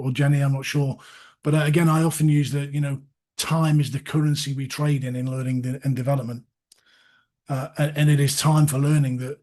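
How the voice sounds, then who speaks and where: A man's voice: mid-range voice, a little mellow. A man talking as a guest panelist in a webinar discussion, often repeating words as he gathers his thoughts. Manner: halting, repeats words while thinking.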